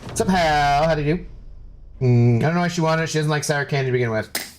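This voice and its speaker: A man's voice: a little high, quick pace, a little hiss or hum. A man streaming a video game, chatting casually with his chat, reading messages aloud and cursing at his own mistakes. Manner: chatty, reads chat aloud, swears when losing. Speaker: gaming streamer. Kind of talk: casual live-stream commentary.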